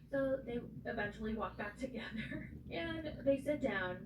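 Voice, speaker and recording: A woman's voice: a little high, fairly quick, few pauses. A woman casually recapping a reality show, chatty and opinionated, acting out the cast's lines in put-on voices. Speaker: recap vlogger. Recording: echoey room, distant mic, audible noise.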